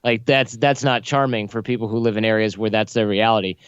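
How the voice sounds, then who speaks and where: A man's voice: lowish voice, fairly even intonation, clear, resonant tone, no room sound. Blunt, joking man on a dull line. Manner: blunt, joking, fast-talking. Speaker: podcast guest. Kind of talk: casual interview chat. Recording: dry, slightly dull lo-fi audio.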